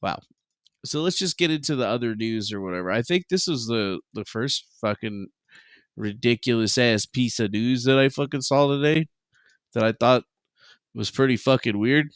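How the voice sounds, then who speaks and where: A man's voice: mid-range voice, normal speed, clear, resonant tone, no echo, studio quality. A male streamer chatting casually on a livestream, rambling, sarcastic and full of profanity.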